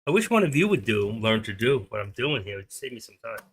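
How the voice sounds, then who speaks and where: Um homem na casa dos sessenta anos, apresentador de uma transmissão ao vivo, fala de forma solta e opinativa. A voz é clara e brilhante. Ele pula de histórias pessoais para números do mercado. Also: male voice, on the low side, sing-song, brisk, fairly bright tone, breathy edge. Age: 60s. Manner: chatty, opinionated, jumps between stories and market numbers. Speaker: live stream host. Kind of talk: rambling live-stream chat.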